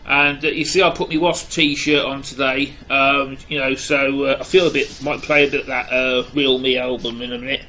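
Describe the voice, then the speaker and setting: A man's voice: medium pitch, flat delivery, moderate pace, few pauses, sharp tone, slight background noise, low-quality recording. An Englishman with an English accent chatting casually to camera as a music vlogger, blunt and opinionated, rambling with plenty of ums and uhs. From England. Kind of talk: casual video chat to camera.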